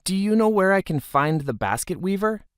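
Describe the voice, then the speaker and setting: A man voicing an anxious, polite young boy who pleads earnestly in a higher voice. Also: animated, normal speed, clear, resonant tone, no echo, clean studio sound. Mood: anxious pleading.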